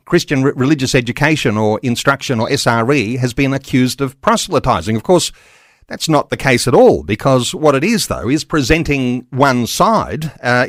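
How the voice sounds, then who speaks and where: A man hosting a discussion, asking questions in a measured way about religious education. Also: mid-range voice, a bit bright, dry recording, clean studio sound. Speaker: host. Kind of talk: interview questions.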